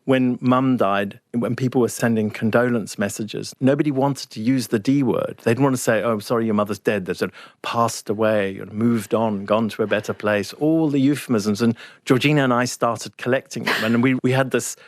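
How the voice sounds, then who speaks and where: An older man from Zimbabwe talks through his memories as an interview guest, wry and measured, often restarting his sentences. His voice sits at an ordinary middle pitch. The studio sound is close and dry. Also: fairly even intonation, dry recording. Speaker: guest writer. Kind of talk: reflective conversational storytelling.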